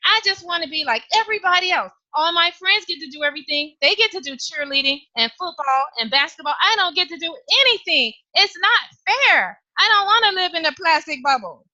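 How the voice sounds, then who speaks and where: A woman voicing a small, sheltered little girl who pleads and complains in a high voice. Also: animated, fairly quick, few pauses, pushed and bright, lo-fi sound, exaggerated voice. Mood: whiny.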